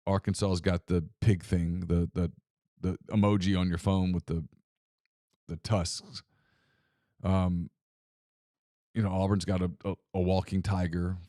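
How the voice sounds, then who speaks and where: A man co-hosting a sports talk podcast, telling long stories and acting out the voices of the people in them. His voice sits low and is recorded close and dry, with no room sound. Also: unhurried, pauses often, no echo. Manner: animated storyteller, acts out quoted voices. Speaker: podcast co-host.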